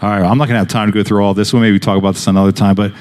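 A man with a fairly low voice delivers a sermon as a rambling personal story. He talks in a casual, conversational way, restarting phrases and leaning on fillers as he goes. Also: level tone, racing, darkish tone. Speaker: pastor.

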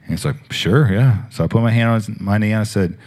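Deep-ish male voice, preacher, casual testimony, animated, filler-heavy. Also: fast. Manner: rambling, animated storytelling with many fillers. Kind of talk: sermon testimony storytelling.

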